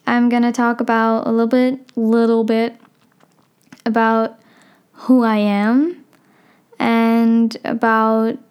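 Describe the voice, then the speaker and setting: Teen girl, Dutch accent, solo podcast host; slow, rambling, self-deprecating, smooth clear voice. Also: a little high, flat delivery, darkish tone. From Netherlands. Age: teens. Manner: chatty, rambling, self-deprecating, many fillers. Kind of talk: casual solo podcast chat.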